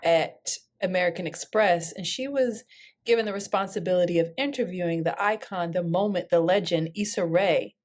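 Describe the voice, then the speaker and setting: A woman's voice: on the low side, moderate pace. A woman co-hosting a casual pop culture podcast, telling stories with dramatic flair. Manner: animated storyteller, dramatic voice changes. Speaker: podcast co-host.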